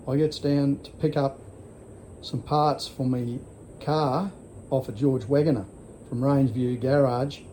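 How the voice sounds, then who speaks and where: A man's voice: medium pitch, warm tone, slight background noise. An Australian man in his sixties telling a rambling story in a casual vlog, blunt and full of swearing. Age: 60s. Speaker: vlogger.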